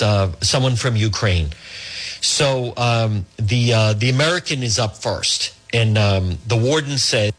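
A male talk radio host who rambles through a monologue and a joke, halting often with fillers and restarts, into a handheld microphone. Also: fairly low pitch, a bit bright. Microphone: handheld microphone, also streamed on social video.

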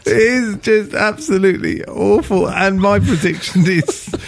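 A man hosting a football podcast, relaxed and teasing as he steers the chat. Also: high-pitched, a little slow, gravelly, slight background noise. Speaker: podcast host.

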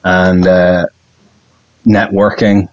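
Rambling, excitable male podcast guest with a low voice; recorded on dull, lo-fi audio. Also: drawn-out words. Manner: excitable, rambling, laughs often. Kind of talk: casual podcast chat.

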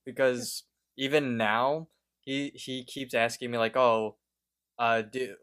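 A man's voice: medium pitch, fairly even intonation, slow, a bit bright, smooth, dry recording, studio quality. Young man tossing in joking asides. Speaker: podcast co-host. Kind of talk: casual chat.

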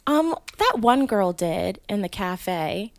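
A woman's voice: mid-range voice, sing-song, slow, no room sound. A woman from Maryland, an actress guest on a podcast, chatting in a wry, explanatory way. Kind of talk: casual chat.

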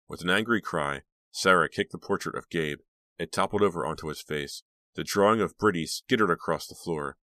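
Low-voiced man narrating an audiobook. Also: fairly quick, fairly bright tone, dry recording, clean studio sound. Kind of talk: scripted narration.

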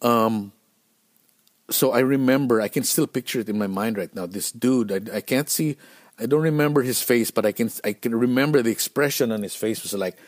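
A middle-aged man from the Philippines telling a tour story on his own show, animated and profane, acting out what people said. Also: mid-range voice, moderate pace. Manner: animated, profane, acts out quotes. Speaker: podcast host and band musician. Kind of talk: casual storytelling monologue.

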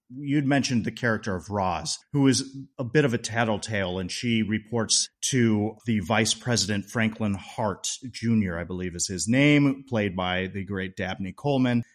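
A man co-hosting a podcast, chatting enthusiastically about a film, with restarts along the way. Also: fairly low pitch. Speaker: podcast co-host. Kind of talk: casual movie review chat.

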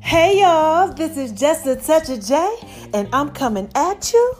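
A woman with a high voice hosts a casual solo show, talking straight to her listeners. She is playful and stretches her words into a sing-song drawl. She sounds a little out of breath, with soft music under her. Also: sing-song, measured pace. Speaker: show host.

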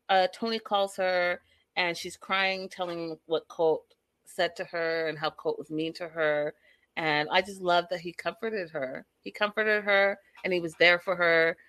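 A woman's voice: on the low side, sharp tone, dry recording. A woman chatting through a reality show recap, gossiping and speaking straight to her viewers. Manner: gossipy, addresses viewers directly.

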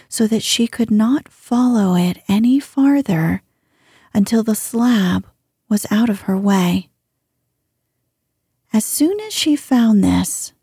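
A woman narrating a storybook in a whispered reading, her voice very breathy and hushed. She reads slowly and steadily, with a mellow, dark tone. The sound is close and dry. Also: a little high, no room sound.

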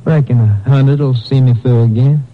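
An actor playing a sly, menacing young male blackmailer in a vintage radio drama, talking with a slow folksy drawl. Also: medium pitch, fairly even intonation, natural voice. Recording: muffled old radio recording.

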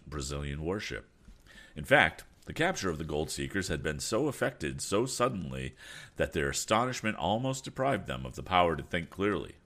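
Casting: low-voiced man narrating a storybook, lively and bright, casual asides. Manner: casual asides, occasional slips. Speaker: audiobook reader. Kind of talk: reading an old adventure novel aloud.

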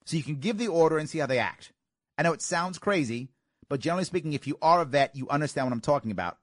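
A man's voice: a little high, lively intonation, quick pace, no room sound, studio quality. A man hosting a show, talking casually and animatedly to his listeners, with restarts and giggles. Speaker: podcast host. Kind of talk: casual solo talk answering listener questions.

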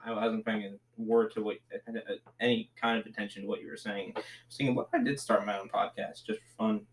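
A man's voice: fairly low pitch, steady tone, brisk, a little hiss or hum. A man co-hosting a podcast, making dry, teasing asides. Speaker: podcast co-host. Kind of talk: casual podcast banter.

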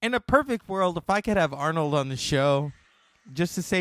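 A man hosting a casual talk show, animated and outspoken, swearing freely. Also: on the high side, brisk, no echo. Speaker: host.

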